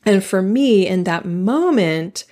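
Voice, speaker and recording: A woman hosting her own podcast, talking candidly and thoughtfully, pausing to restart and laughing at herself now and then. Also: medium pitch, lively intonation, a little mellow. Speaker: podcast host. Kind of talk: reflective solo podcast talk.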